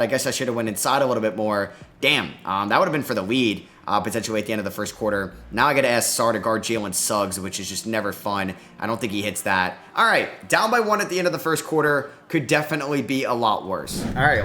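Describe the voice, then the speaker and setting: A young man giving lively, excitable commentary over a basketball video game he is playing. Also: medium pitch. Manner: excitable, groans and cheers at plays. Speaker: gaming commentator.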